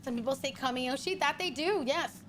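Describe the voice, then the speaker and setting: A woman's voice: high voice, a little fast, background noise. A woman streaming a game, chatting with viewers in a flirty, teasing, playfully menacing way. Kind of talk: casual game-streaming chat.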